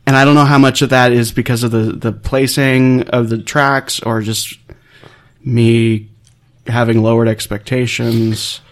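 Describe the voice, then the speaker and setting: A man co-hosting a casual podcast chat, talking in halting bursts with many restarts and casual swearing. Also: medium pitch, flat delivery. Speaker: podcast co-host.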